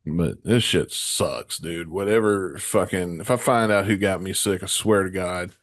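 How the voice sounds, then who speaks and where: A man's voice: deep voice, a little slow, dry recording. Profane sick man telling rowdy stories. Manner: profane storytelling, stammering restarts. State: sick with a cold. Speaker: podcast co-host. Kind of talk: casual rowdy chat.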